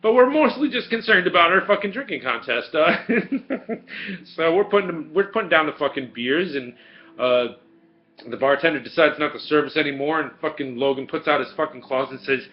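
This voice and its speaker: A man's voice: on the high side, expressive, moderate pace, highs cut off. A man in his forties, casually telling a profane story and answering viewer questions as host, laughing often. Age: 40s. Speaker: video Q&A host.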